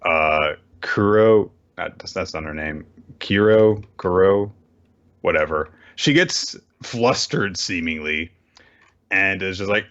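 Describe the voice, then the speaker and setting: A man's voice: low voice, slow, fairly bright tone, highs cut off. A man hosting a casual recap show, talking animatedly with bursts of swearing and voiced character lines. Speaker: podcast host. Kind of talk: casual manga recap chat.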